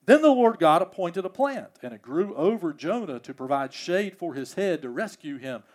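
A male pastor preaching a sermon in a high-pitched voice. He drives his message home with repeated, emphatic rhetorical questions. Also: big pitch swings, moderate pace.

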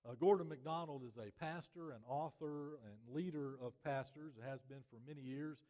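A man preaching a sermon as pastor, measured and earnest, letting his voice fall softly at the ends of phrases. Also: a little high. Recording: long reverb of a church hall.

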